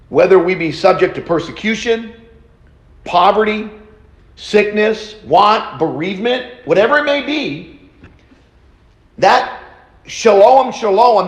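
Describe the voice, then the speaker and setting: A male preacher giving a sermon in a slow, deliberate teaching manner and repeating key phrases for emphasis. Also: high voice, reverberant, poor audio. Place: church auditorium.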